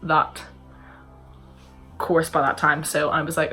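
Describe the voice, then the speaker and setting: A woman's voice: sits low, animated, moderate pace, sharp tone, husky. A young woman with a Northern Irish accent, chatting casually to camera in a rambling, self-deprecating way while she answers viewers' questions. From Northern Ireland. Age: young adult. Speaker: vlogger. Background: faint music from another room.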